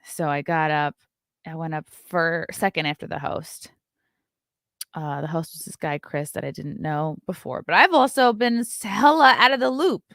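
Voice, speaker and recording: A woman's voice: low voice, normal speed, fairly bright tone, no room sound, clean studio sound. A woman in her thirties hosting a live stream, telling brash, sarcastic stories and reading out viewer messages. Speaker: host. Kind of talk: casual live-stream chat.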